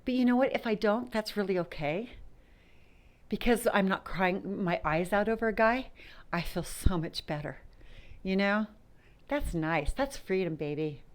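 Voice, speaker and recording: A woman's voice: mid-range voice, lively intonation, unhurried. A woman talking frankly and emphatically to her viewers about self-worth and leaving bad relationships, dropping now and then to a whisper. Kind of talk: personal talk to camera.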